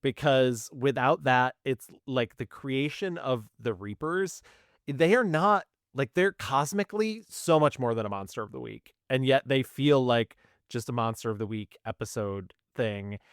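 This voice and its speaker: A podcast guest shares views on an episode in an engaged, thoughtful way. The voice is fairly low and steady. It is recorded close and dry. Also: a little slow, no echo. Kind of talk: casual podcast discussion.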